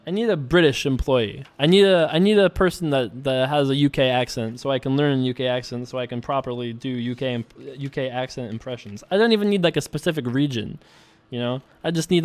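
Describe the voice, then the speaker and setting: A young man hosting a poker channel, chatting casually and rambling as he plays and reads viewer questions aloud. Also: mid-range voice. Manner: rambling, chatty, self-correcting. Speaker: online poker vlogger. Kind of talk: casual commentary while playing.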